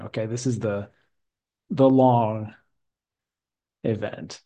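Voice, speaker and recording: A man teaching English grammar, speaking slowly and deliberately and drawing out key words for a student. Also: medium pitch, mellow.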